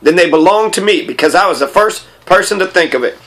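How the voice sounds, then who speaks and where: A man's voice: high voice, lively intonation, fast, a bit bright. Man voicing a pompous businessman, precise, self-important, lecturing tone.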